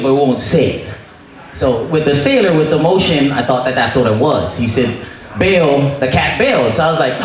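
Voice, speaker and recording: Hawaiian male comic, animated storyteller, heard from a distance in a very echoey club. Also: on the high side. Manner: animated, acts out dialogue with shouts. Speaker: stand-up comedian. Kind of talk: stand-up storytelling. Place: comedy club stage. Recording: roomy live room, distant mic.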